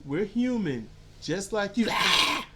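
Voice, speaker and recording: Animated, swearing podcast co-host. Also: mid-range voice, slow pace, slight background noise. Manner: animated storyteller, acts out quotes; casual, swears freely. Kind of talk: casual movie-review chat.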